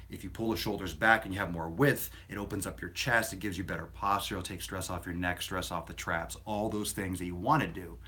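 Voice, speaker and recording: A man's voice: low-pitched, bright, forceful tone. A man hosting a casual fitness live stream, rambling and answering viewer questions in a blunt, sometimes profane way. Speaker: fitness livestream host.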